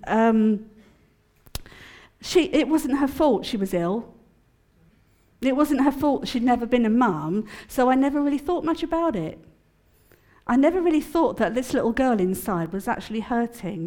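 A woman's voice: on the high side, a little mellow. A middle-aged woman gives an emotional, testimony-style sermon at a prayer conference, often laughing as she speaks.

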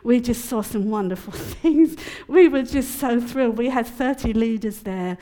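A woman speaking at a prayer conference, mixing personal testimony with teaching in a chatty, expressive way and laughing often. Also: a little high, moderate pace.

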